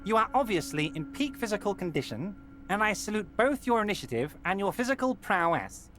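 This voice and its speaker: An actor playing a smug, jovial middle-aged union boss in a video game, speaking in an oily, patronizing and overly friendly way. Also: male voice, high-pitched, big pitch swings, brisk, fairly bright tone, faint music behind.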